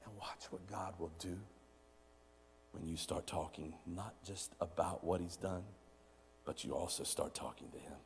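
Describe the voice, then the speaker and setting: A man preaching a sermon as pastor, calling on the congregation to answer back and swinging between loud bursts and hushed, near-whispered asides. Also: sits low, fairly even intonation, measured pace, gravelly, long pauses, a little hiss or hum. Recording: long hall reverb.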